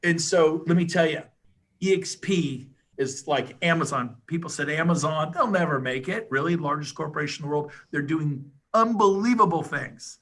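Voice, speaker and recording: A middle-aged man giving an enthusiastic, emphatic sales pitch as a podcast guest. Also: fairly bright tone. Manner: fired-up, rapid, emphatic, salesy. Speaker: podcast guest, real estate agent.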